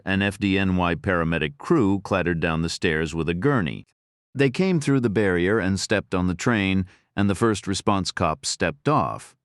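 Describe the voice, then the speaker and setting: A man reading a thriller audiobook in first person, steady and matter-of-fact. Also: sits low, no echo, studio quality. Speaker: audiobook narrator.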